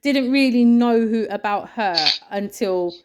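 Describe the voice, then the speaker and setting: A woman's voice: fairly high pitch, a little slow, darkish tone, clear, resonant tone. A woman co-hosting a podcast, blunt and swearing often in casual chat. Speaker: podcast co-host.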